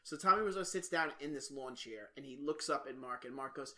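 A man co-hosting a podcast in casual chat, telling animated stories, swearing and acting out quotes. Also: mid-range voice, brisk, few pauses. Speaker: podcast co-host.

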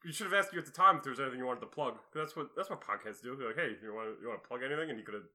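A man's voice: medium pitch, big pitch swings, pushed and bright. A young man hosting a casual podcast, joking and laughing with his co-host. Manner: joking, quick, laughs often.

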